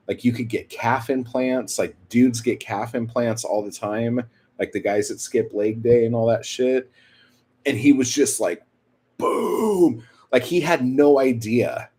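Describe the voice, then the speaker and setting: A man's voice: mid-range voice, fairly even intonation, measured pace, warm tone. A young man chatting casually with his stream viewers, rambling and swearing, full of fillers like "like". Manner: rambling, profane, lots of "like".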